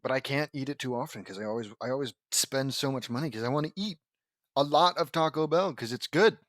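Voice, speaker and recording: A man with a sore throat reads fan fiction aloud, constantly breaking off into rambling, self-mocking chatter. His voice sits at an ordinary pitch. The home recording is dry and close. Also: fast talker, a bit bright, no room sound. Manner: rambling, self-deprecating, easily sidetracked. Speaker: fan fiction audiobook reader.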